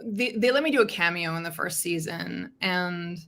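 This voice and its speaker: Bright-voiced woman author, chatty. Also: on the low side, moderate pace. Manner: chatty, laughs often while telling stories. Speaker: author guest. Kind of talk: casual conversational interview.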